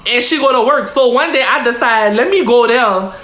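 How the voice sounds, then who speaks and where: A woman's voice: fairly high pitch, moderate pace, a bit bright. A woman vlogger telling a casual story in a chatty, profane way, calling the listener girl again and again. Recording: roomy echo.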